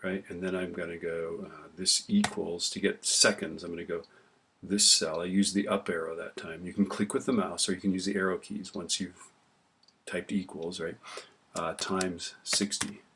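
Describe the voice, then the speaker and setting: A man's voice: low-pitched, level tone, moderate pace, fairly bright tone, slight background noise. A male teacher casually talking through a spreadsheet lesson while typing, often checking in with "right?". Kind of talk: screen-recorded spreadsheet tutorial. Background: keyboard clicks and typing.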